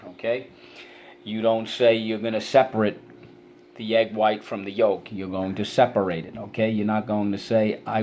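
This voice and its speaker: A man teaching a spelling lesson, encouraging and sounding out syllables slowly. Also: on the low side, darkish tone, a little hiss or hum.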